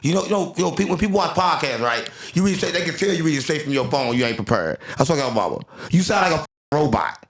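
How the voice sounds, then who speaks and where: A man hosting a podcast, teasing his co-host loudly and shouting at times. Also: on the high side, lively intonation, quick pace, vocal fry, hardly any pauses. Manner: loud, teasing, swings to shouting. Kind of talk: casual podcast banter.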